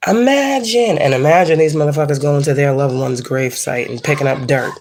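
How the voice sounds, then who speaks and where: Low-voiced, blunt, profane woman reader. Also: fairly quick, darkish tone, a little hiss or hum. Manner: blunt, heavily profane, scolding. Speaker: psychic tarot reader. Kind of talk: casual spiritual reading rant.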